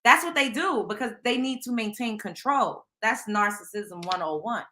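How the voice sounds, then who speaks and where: A woman with a Southern US drawl runs a casual live stream, her voice pitched a little high and ringing bright. She is blunt and emphatic, keeps turning to her viewers to ask what they think, and leans hard on slang. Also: moderate pace, a little hiss or hum. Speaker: host.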